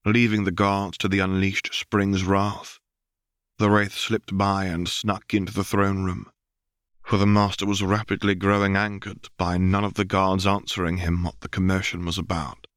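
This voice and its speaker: A man narrating a fanfiction audiobook in a steady storytelling manner. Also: low voice, normal speed, smooth, dry recording, clean studio sound. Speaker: audiobook reader.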